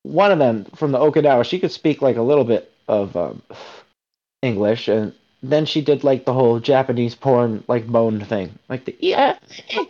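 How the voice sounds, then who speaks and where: A man's voice: mid-range voice, moderate pace, mellow, lo-fi sound. A man guesting on a podcast, telling crude stories in a brash, rambling way. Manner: brash, profane, rambling storyteller. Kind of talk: crude casual chat.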